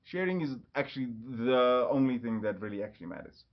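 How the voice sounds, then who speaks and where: A man hosting his own casual solo podcast, rambling and jumping quickly from topic to topic. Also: medium pitch, lively intonation. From Ireland. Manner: rambling, jumps between topics. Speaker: podcast host. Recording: slightly dull lo-fi audio.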